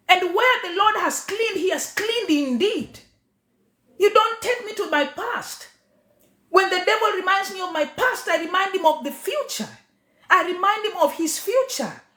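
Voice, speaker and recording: Emphatic woman speaker, lively high voice. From Kenya. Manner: emphatic, preacher-like, swings between loud and quiet. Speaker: teacher, public speaker and MC. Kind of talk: passionate monologue to followers. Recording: echoey room.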